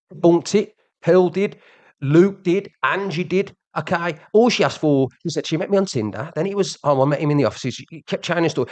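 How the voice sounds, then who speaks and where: A man delivers a heated livestream rant, jabbing at someone he calls out and circling back to the same points again and again. His voice sits a touch high for a man, and the sound is close and dry with no room around it. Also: darkish tone, no echo. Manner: confrontational, repeats himself, addresses the viewer directly.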